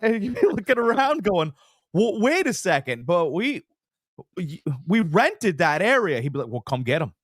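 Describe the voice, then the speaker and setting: A man co-hosting a sports betting podcast, talking casually with big exaggerations and quick impressions. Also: high voice, no echo, studio quality. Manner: animated, hyperbolic, jumps into little impressions. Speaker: podcast co-host.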